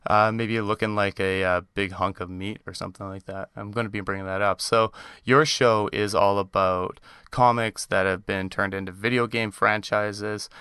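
Bright, clear Canadian man hosting. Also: lowish voice, fairly even intonation, normal speed, dry recording, studio quality. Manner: chatty, lots of fillers and laughs. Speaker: podcast host. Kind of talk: casual chat.

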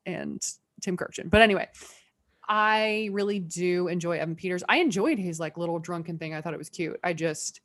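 A woman co-hosting a podcast, chatting casually, asking questions and making quick asides. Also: lowish voice, fairly bright tone, dry recording. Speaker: podcast co-host. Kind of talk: casual chat.

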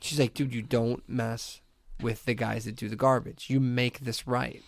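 Animated man telling a story, dry sound. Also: medium pitch, a little slow, gravelly, no echo. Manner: animated storyteller, acts out quotes, laughs often. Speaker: podcast co-host. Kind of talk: casual storytelling chat.

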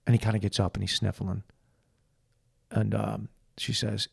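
Low gravelly guy on a podcast, retelling a tv scene, goes quiet and hushed when quoting people. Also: normal speed, pauses often. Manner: animated storyteller who quotes characters in a lowered, hushed voice. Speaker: podcast co-host. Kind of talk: casual chat, retelling a TV scene.

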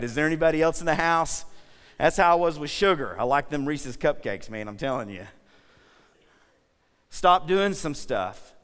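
In a church sanctuary with long hall reverb, a pastor delivers a sermon in a clear, resonant voice on the high side at a moderate pace. He's a lively storyteller who keeps asking his congregation questions.

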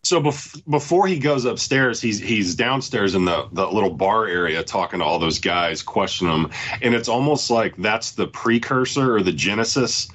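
A man's voice: on the low side, moderate pace, muffled recording. A man in casual movie chat, retelling scenes animatedly. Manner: animated storytelling, acts out scenes.

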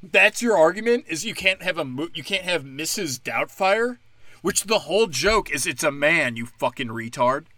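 A man's voice: on the high side, animated, moderate pace, pushed and bright, dry recording. A young man delivering an angry, sarcastic, profanity-heavy rant. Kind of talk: profane ranting monologue.

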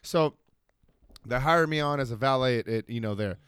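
A man co-hosting a podcast, telling a story in a casual, animated way, swearing often and acting out the voices of the people in it. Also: medium pitch, normal speed, clean tone, dry recording. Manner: animated, swearing, acts out voices when excited. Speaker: podcast co-host.

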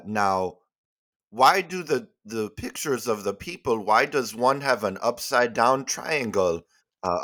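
A man's voice: mid-range voice, fairly bright tone. A man voicing a polite, naive visitor in a comedy sketch, speaking formally.

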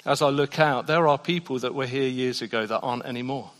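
A man preaching a sermon in a church, shifting between soft, hushed passages and loud, emphatic ones. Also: mid-range voice, brisk. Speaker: pastor. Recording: long reverb of a church hall.

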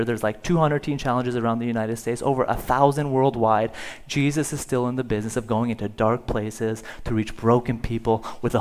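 A man preaching from the pulpit, voice at an ordinary middle pitch. He tells the story casually, with little fillers, and pushes harder in the tense stretches. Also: a little mellow. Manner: storytelling, rising in volume for dramatic moments. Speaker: pastor. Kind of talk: sermon. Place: church sanctuary.

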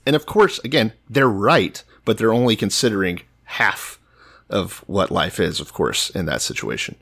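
A man co-hosting a podcast in casual chat, blunt and crude with a deadpan edge. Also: fairly low pitch, moderate pace, gravelly, husky. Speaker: podcast co-host.

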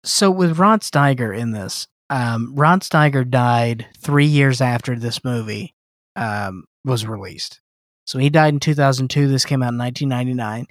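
A man's voice: mid-range voice, normal speed, dry recording, studio quality. A man co-hosting a podcast in casual chat, laying out facts emphatically. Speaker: podcast co-host.

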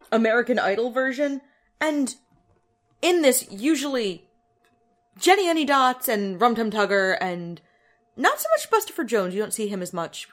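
Woman podcast host explaining things dryly. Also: medium pitch. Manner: explanatory, walks through details with dry asides. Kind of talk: casual chat.

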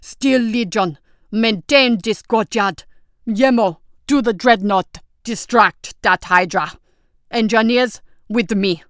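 Loud commanding prince shouting orders mid-battle, a woman reading him, clear dry voice. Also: mid-range voice, fairly even intonation, unhurried, no room sound, lightly acted. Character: commanding male prince leading soldiers in battle.

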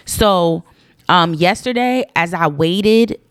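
A woman telling a personal story in a casual, animated monologue, stressing her points by repeating them. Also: lowish voice, takes it slowly, clean tone, dry recording, clean studio sound. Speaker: storyteller recounting a personal incident.

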